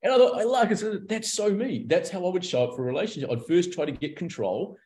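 A man's voice: high-pitched, quick pace. A man, a guest in a candid interview, speaking openly and acting out the people in his stories. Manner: animated storyteller, acts out quoted characters.

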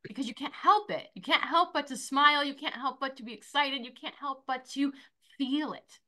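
A woman in her forties, who works as an esthetician and motivational coach, appears as an interview guest. Her high-pitched voice moves at a moderate pace. She talks in a bubbly, animated, energetic way and acts out the voices of the people she quotes.

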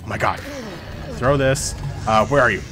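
A young man streaming a game, chatting excitedly, yelling at characters and swearing when things go wrong. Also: on the low side, moderate pace, music in the background. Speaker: gaming streamer. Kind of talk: live gameplay commentary.

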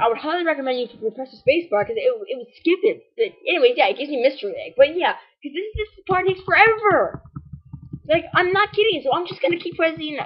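A woman giving casual, rambling and playfully snarky commentary while playing a video game. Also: high voice. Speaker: gamer recording a walkthrough. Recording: dull lo-fi recording.

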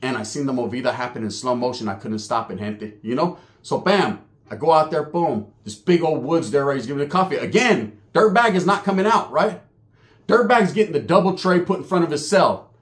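A man's voice: a little high, lively intonation, brisk. A man telling a prison story in casual, profane, slang-heavy street talk.

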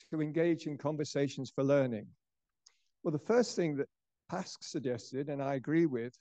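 An older male professor lectures in a measured, explanatory way, his voice a little higher than most men's but mellow and relaxed. The sound is dry and close, with a dull, lo-fi edge to the recording. He tends to let his phrases trail off more quietly. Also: no room sound. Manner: measured, explanatory, drops softer at phrase ends. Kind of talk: lecture presentation.

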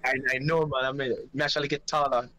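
A man from Jamaica chatting as a podcast guest, hesitating and filling pauses with ums as he hunts for words. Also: medium pitch, little pitch movement, sharp tone, no room sound, faint music behind, poor audio. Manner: hesitant, many ums while searching for words. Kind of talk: casual chat, switching through several languages.

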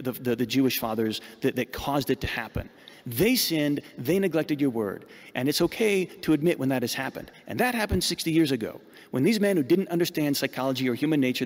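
A man's voice: fairly high pitch, big-room sound. A man preaching a sermon as a priest, emphatic and repeating words as he searches for them.

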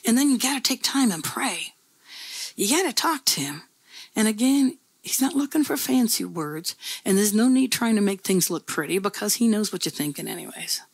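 A woman's voice: mid-range voice, lively intonation, moderate pace, breathy edge, dry recording. A woman pastor preaching a sermon in a conversational, folksy storytelling way, with repeated phrases.

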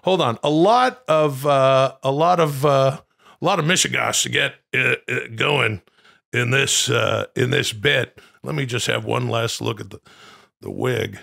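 A man co-hosting a podcast in casual banter, rambling and halting as he interrupts himself. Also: mid-range voice, vocal fry, fairly bright tone. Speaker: podcast co-host.

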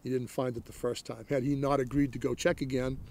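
A man's voice: mid-range voice, level tone, fast, a little mellow, a little hiss or hum. A middle-aged man from Maine casually telling the story of his encounter in an interview, in a plain-spoken way that keeps repeating "he goes" and "I said.". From Maine, United States. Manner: plain-spoken, retells exchanges with lots of "he goes" and "I said". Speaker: interviewee recounting a police encounter.

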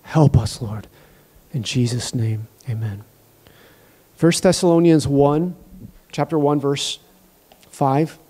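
A man's voice: mid-range voice, slow pace, pauses often, dark tone. A man preaching a sermon and praying fervently, with emphatic repetition of phrases. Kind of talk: sermon with prayer.

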